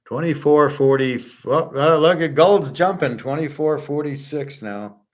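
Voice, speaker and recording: A man's voice: a little high, a little slow. A man hosting a casual livestream, answering viewers' chat questions in a blunt, opinionated, rambling way.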